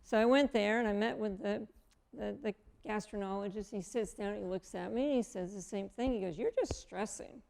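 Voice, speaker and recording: A woman in her fifties telling a personal story as a guest, animated and acting out the dialogue of the people in it. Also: medium pitch, fairly quick, creaky. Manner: animated, acts out quoted dialogue.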